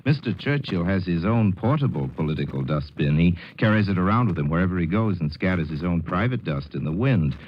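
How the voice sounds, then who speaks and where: A man's voice: low voice, animated, fairly quick, few pauses. A man voicing a genteel, haughty figure who speaks for Britain, in a 1940s radio commentary. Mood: soothing. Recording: dull, hissy 1940s radio broadcast.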